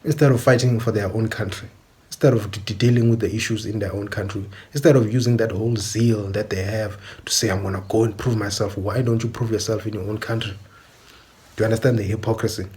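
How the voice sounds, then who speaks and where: Low, flat-voiced man. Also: fast. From South Africa. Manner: insistent, often repeats "do you understand?". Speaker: commentator. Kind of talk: opinionated monologue.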